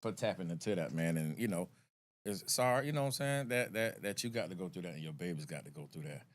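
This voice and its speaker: Very deep-voiced man hosting a podcast. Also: lively intonation, fast. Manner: affirming, with street slang. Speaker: podcast host. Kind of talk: casual conversation.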